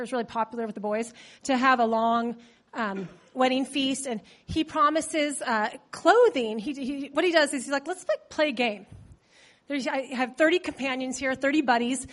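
A woman's voice: sits high, fairly bright tone. A woman preacher with a cold, delivering a chatty, humorous sermon and retelling a story with playful asides. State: has a cold. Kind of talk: conversational sermon.

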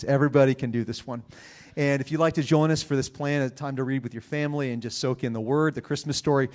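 A man in his pastoral role, preaching a conversational sermon with quick asides in a church sanctuary. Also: on the high side, darkish tone.

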